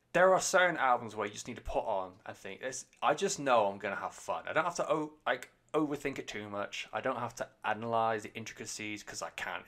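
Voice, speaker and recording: A man's voice: lowish voice, fairly bright tone. A man giving a rambling, enthusiastic and sweary casual review of an album on a podcast.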